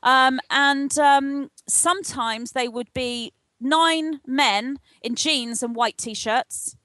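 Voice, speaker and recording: An older woman telling her spiritual experiences in an interview, earnest and animated, acting out the voices in her story. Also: high-pitched, very slow, no echo. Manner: earnest, animated retelling with acted-out dialogue. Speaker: guest, spiritual channel.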